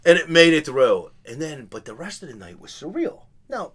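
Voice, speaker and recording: A man's voice: on the high side, normal speed, crowd noise. A man, telling a long business story on a podcast and acting out the people in it. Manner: animated, acts out quoted people. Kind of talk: casual storytelling.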